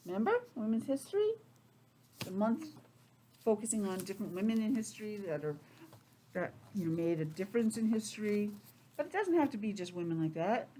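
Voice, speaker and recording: Middle-aged teacher, expressive and talkative, reads aloud to preschoolers in a classroom. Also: female voice, mid-range voice, fairly quick, a little hiss or hum. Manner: chatty, expressive, drifts into personal asides. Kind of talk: reading aloud and chatting to young children.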